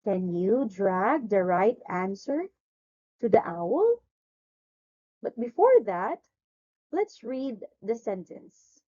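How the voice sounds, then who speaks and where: A woman teaching an online English lesson to a young child, talking slowly and clearly with lots of encouraging praise, over a video call mic. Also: medium pitch, sing-song, warm tone, dull audio.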